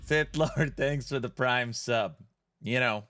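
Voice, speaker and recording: A man's voice: mid-range voice, slow pace, sharp tone, no echo, studio quality, faint music behind. A man hosting a live stream in a playful, jokey way, greeting viewers by name as he reads the chat.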